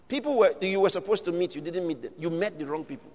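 A man's voice: high-pitched, lively intonation, quick pace, hardly any pauses, a little mellow. A man preaching a sermon, emphatic and exhorting his listeners with repeated questions. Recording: long reverb of a large hall.

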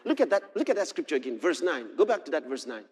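A man preaching a sermon, telling a personal story and reading scripture, building to impassioned shouts. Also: fairly high pitch, very animated, fast, breathy edge.

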